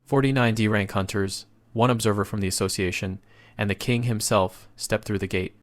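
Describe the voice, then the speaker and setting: Male recap narrator, lowish voice, steady scripted storytelling read. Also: normal speed.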